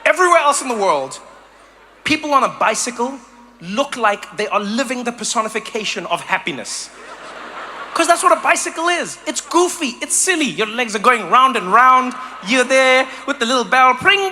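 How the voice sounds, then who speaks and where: A man from Africa, doing a stand-up comedy set with animated storytelling that slips into mock voices. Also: very high voice, moderate pace, slight background noise. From South Africa.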